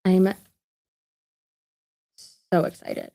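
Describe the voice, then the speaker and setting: Chatty woman live-streaming. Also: mellow. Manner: chatty, quick asides with laughs and fillers. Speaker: vlogger. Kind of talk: casual live-stream chat.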